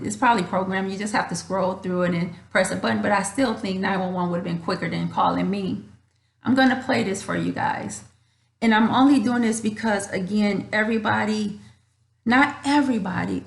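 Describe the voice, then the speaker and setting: A woman vlogger speaks straight to her viewers, earnest and emotional, circling back over her words. Her voice has a gravelly edge in a roomy, echoey room at home. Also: mid-range voice. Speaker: channel host. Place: home room with a dryer running.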